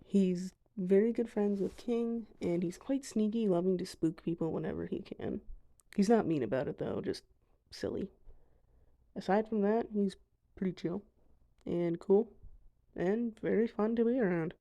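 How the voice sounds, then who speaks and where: A woman's voice: mid-range voice, measured pace, creaky, mellow. A young woman giving a casual voice-over of a video game, chatty with self-deprecating asides. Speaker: gamer showing her dragons.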